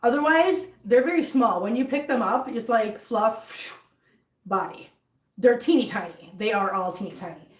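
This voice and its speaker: A woman's voice: fairly high pitch, normal speed, echoey room. Chatty woman cooing at kittens. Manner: chatty, coos at the kittens in a sing-song voice. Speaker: cat channel vlogger. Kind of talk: casual vlog chat and baby talk to cats. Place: home living room with hardwood floor.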